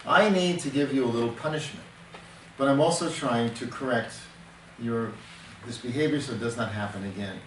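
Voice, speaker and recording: An older man counseling and teaching in earnest, mid-pitched, leaning on homely examples and stopping to restart his thoughts. He sits back from the mic in a roomy, echoing space with a faint hiss underneath. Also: moderate pace, a bit bright. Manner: earnest, explains with everyday examples and many restarts. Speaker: temperament counselor. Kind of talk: teaching talk in a counseling session. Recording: echoey room, distant mic, faint noise.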